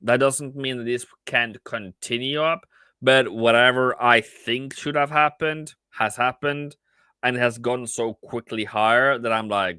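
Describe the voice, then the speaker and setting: A man trader on a live stream, chatting casually about his trades with animated repeats, asides and laughs. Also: mid-range voice, a little slow, clear, resonant tone, dry recording.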